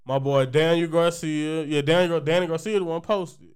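A man's voice: fairly high pitch, fairly even intonation, normal speed, smooth. A man co-hosting a podcast in casual chat, rambling and joking, laughing often. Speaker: podcast co-host.

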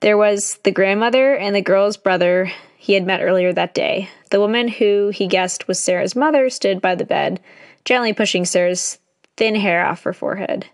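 A woman's voice: mid-range voice, normal speed, dry recording, studio quality. Chatty young woman reading stories aloud. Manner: chatty, jokey asides between stories. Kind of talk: casual read-aloud storytelling.

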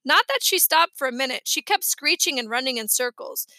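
A woman reading a children's chapter book aloud with lively, expressive storytelling. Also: sits high, brisk, dry recording. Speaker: audiobook reader. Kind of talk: storybook narration.

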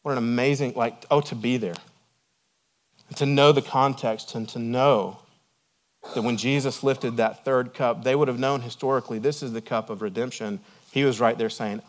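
A middle-aged man, a lead pastor, preaching a sermon with earnest emphasis that swells to strong peaks and falls to quiet, reflective lows. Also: steady tone, moderate pace.

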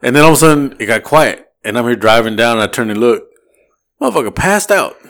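A man's voice: medium pitch, fast talker. Man, podcast co-host, loose casual storyteller who acts out every voice. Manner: animated, swearing, acts out voices in his story.

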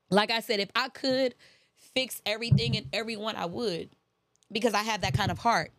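A woman delivers a faith-based motivational talk straight to her listeners. She is emphatic, hammers her points home by repeating them, and lifts into preachy peaks. Her voice sits at a middle pitch, and the recording is dry and close. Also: no room sound. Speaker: motivational speaker.

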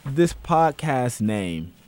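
A man's voice: medium pitch, big pitch swings, extremely slow, a little mellow. A man hosting a casual podcast, speaking earnestly and repeating himself as he gathers his thoughts. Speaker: podcast host.

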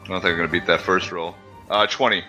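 Bright-voiced man playing a tabletop game. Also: low voice, steady tone, fast, soft background music. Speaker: player. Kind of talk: casual game talk.

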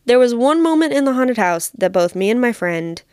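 A woman's voice: a little high, sing-song, a little fast, darkish tone, smooth, dry recording, studio quality. A young woman hosting a podcast, telling a story in a chatty, self-deprecating way and laughing often. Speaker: podcast host. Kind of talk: casual solo podcast storytelling.

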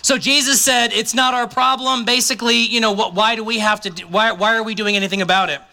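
A man's voice: high-pitched, steady tone, fast, bright, forceful tone. A man preaching a sermon as a pastor, talking conversationally and dropping joking asides to the congregation.

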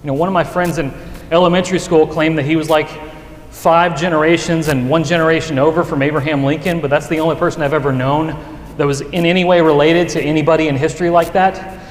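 A man's voice: a little high, fairly even intonation, fast talker. A man preaching a sermon in an earnest, conversational way, often restarting his sentences. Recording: echoey hall with long reverb.

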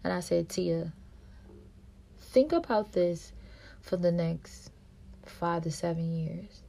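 A woman podcast host, telling a personal story in a monologue and acting out quarrels in a louder, higher voice. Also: slow, creaky. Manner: reenacts quarrels with raised pitch and volume.

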